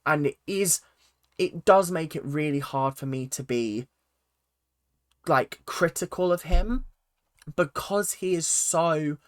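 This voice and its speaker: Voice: medium pitch, no echo, clean studio sound. A speaker giving a casual, chatty recap of a reality TV episode and acting out quotes in silly voices. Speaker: reality TV reaction vlogger.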